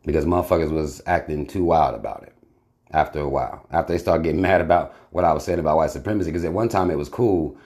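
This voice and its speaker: A man's voice: extremely low pitch, quick pace, a little mellow. A man hosting his channel, talking bluntly in casual commentary with heavy swearing. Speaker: channel host reacting to a video.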